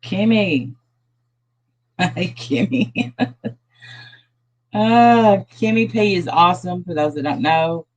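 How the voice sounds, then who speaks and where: A woman's voice: lowish voice, slow, long pauses, low-quality recording. A tired, sad-sounding middle-aged woman, rambling loosely through a casual phone livestream as she greets her viewers one by one. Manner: loose, rambling talk with restarts. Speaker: livestream host.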